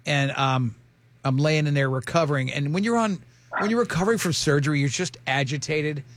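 A man in his fifties, chatting casually and telling rambling, animated stories about his marriage with lots of restarts. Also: fairly high pitch, a little fast, no echo. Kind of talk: casual chat.

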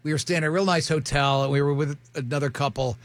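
A man in his fifties tells rambling, animated stories about his long marriage. His voice sits a little high with a gravelly edge. The sound is close and dry. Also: fast, no room sound. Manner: rambling, animated storyteller with many restarts. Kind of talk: casual chat.

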